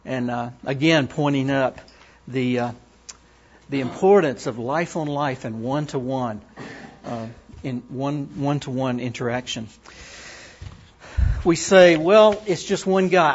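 A man's voice: on the high side, husky. A middle-aged man in ministry giving an earnest sermon-style talk, reading scripture and verse aloud. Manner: earnest, reads scripture and poems aloud with pauses. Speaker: ministry worker. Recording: dull lo-fi recording.

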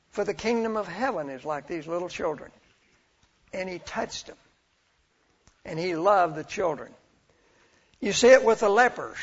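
A man preaching a sermon in a storytelling way, his voice swelling loud and then dropping low. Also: vocal fry, lo-fi sound. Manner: storytelling, swells and drops in loudness.

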